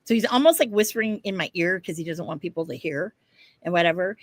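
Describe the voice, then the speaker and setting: A woman co-hosting a podcast, telling a story in casual chat, animated, laughing often and swearing casually. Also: on the low side, fast, no room sound. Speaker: podcast co-host.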